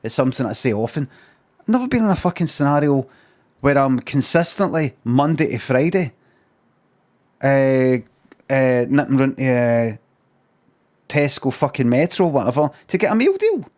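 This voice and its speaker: A man's voice: medium pitch, sing-song, moderate pace, long pauses, a little mellow. A middle-aged man with a Scottish accent, ranting in a rambling improvised comic monologue full of swearing and repeated phrases. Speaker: live streamer.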